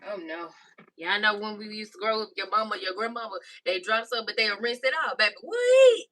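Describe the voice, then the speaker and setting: A woman's voice: mid-range voice, steady tone, quick pace, pushed and bright. A woman chatting casually through a cooking tutorial, calling viewers "y'all" and "baby". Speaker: cooking vlogger. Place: home kitchen. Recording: slightly distant mic with faint noise.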